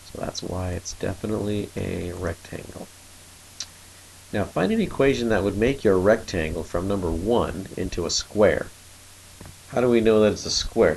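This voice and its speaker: A man's voice: deep voice, creaky, a little hiss or hum, low-quality recording. A man explaining a math problem in a screencast lesson, talking it through step by step as he draws and sometimes stopping to correct himself. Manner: steady explaining, thinking aloud while drawing. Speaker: math teacher.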